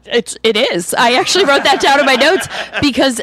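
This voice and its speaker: A woman's voice: high-pitched, expressive, normal speed, a bit bright. A woman co-hosting a movie podcast, enthusiastic and swearing freely as she chats. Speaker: podcast co-host. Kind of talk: casual chat.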